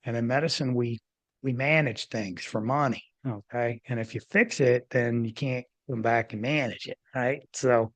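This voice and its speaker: A man in his fifties or older, a former doctor hosting a podcast, telling a personal story in a rambling, animated way with many restarts. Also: medium pitch, normal speed, no echo. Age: 50s or older. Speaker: podcast host, former physician. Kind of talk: casual interview storytelling.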